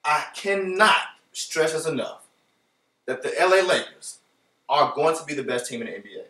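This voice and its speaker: A man hosts a relaxed sports talk show with plenty of playful energy, calling out to his listeners as he goes. His voice is bright and forceful, and a little high for a man. It comes from a bit off the mic, in a room with a noticeable echo. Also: moderate pace, far from the mic. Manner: animated, playful, addresses listeners as folks. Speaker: podcast host.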